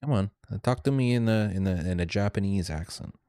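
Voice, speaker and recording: A man's voice: on the low side, fast talker, warm tone, clean tone, no echo. A man vlogging as he tests AI voice assistants, speaking bluntly and impatiently. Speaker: vlogger testing AI. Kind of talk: casual chat.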